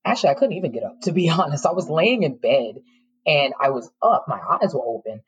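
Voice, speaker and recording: A woman's voice: low voice, sing-song, brisk, husky, muffled recording. A middle-aged woman, a former teacher, frankly telling her personal story in an interview, with emotion and occasional laughter.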